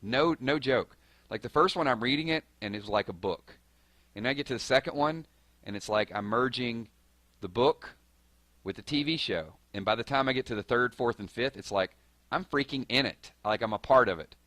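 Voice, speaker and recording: A young man with a Southern Georgia accent, chatting fast and excitably on a live stream while answering viewers' comments. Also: medium pitch, no room sound. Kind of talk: casual live-stream chat.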